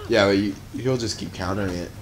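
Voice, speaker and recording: A man's voice: lowish voice, fairly even intonation, fast talker, background noise. Joking young man playing a game. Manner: joking, swears casually, laughs often. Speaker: gamer playing and commenting. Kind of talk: casual let's-play banter.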